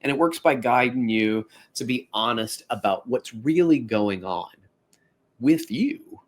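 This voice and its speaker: A man in his forties hosting a fitness podcast, talking in a conversational, animated way with playful asides. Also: mid-range voice, a little slow. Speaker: podcast host. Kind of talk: casual podcast monologue.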